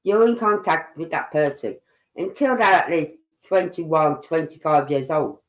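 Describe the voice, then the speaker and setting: A woman's voice: low voice, a little slow, roomy sound, dull audio. A woman in her fifties giving opinionated, indignant commentary on a live stream, talking straight to her viewers. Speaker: true-crime live streamer.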